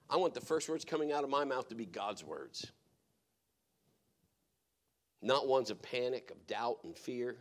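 A middle-aged pastor delivers a sermon. His voice sits a little on the high side. He drops to near-whispers, then rises to loud, emphatic declarations. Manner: storytelling, swings from hushed to loud and emphatic.

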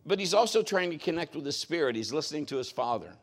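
A man's voice: fairly high pitch, expressive, fast. A middle-aged man preaching a sermon as a pastor, talking in a conversational, folksy way with joking asides.

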